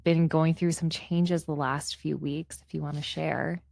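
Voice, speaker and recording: A young woman with a slightly low voice tells stories as a podcast co-host, acting out what people said and tripping over her words now and then. Her voice sounds dry and close. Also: a little slow, vocal fry, dry recording. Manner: storytelling, animated, acts out quotes, stumbles over words. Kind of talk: casual chat.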